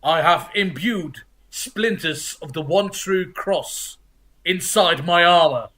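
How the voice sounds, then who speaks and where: A man's voice: on the high side, takes it slowly, bright, forceful tone. A man putting on the voice of a grandiose, self-assured armored male supervillain who declaims pompously.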